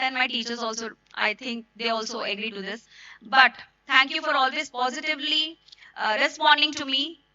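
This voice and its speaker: A middle-aged woman, a school principal with an Indian accent and a hoarse voice, giving a speech to parents and students at a school event, moving between English and Hindi. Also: sits high, pushed and bright, dry recording, muffled recording.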